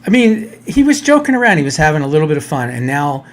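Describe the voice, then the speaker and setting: Male radio host, slightly high, blunt ranting delivery. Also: very animated, quick pace, a crowd in the background. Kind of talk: casual political talk.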